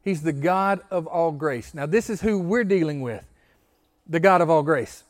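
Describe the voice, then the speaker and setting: A male pastor with a fairly high-pitched voice preaches at a moderate pace in an interactive sermon. He often questions the congregation, repeats key phrases, and stammers through restarts.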